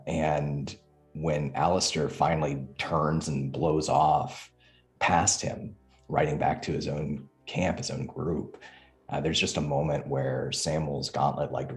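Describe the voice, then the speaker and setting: A man playing a tabletop role-playing game, describing his character's actions in measured, descriptive narration. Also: very deep voice. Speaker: player.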